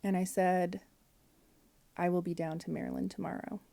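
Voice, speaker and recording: A woman's voice: lowish voice, normal speed, vocal fry, mellow. A woman in her forties candidly telling an emotional personal story as a podcast guest, with fillers and quoted dialogue.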